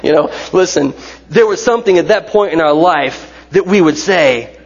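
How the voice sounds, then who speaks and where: A man's voice: a little high, normal speed, husky. A man in his forties preaching a sermon in a church, conversational, with joking asides and rhetorical questions. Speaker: pastor. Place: church sanctuary. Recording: dull sound with long hall reverb.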